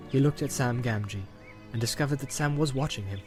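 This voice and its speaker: A man narrating a fantasy story aloud in a steady, measured way. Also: medium pitch, soft background music. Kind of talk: audiobook reading.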